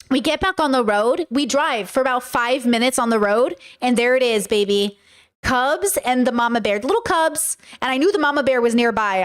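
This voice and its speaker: A young woman hosting a casual livestream, telling animated, profane stories and reading chat. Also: sits high. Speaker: streamer host.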